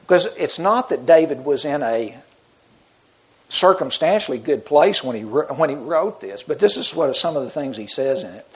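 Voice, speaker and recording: Man, middle-aged, preaching, earnest, conversational, slightly higher pitch. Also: lively intonation, moderate pace. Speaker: pastor. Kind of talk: sermon.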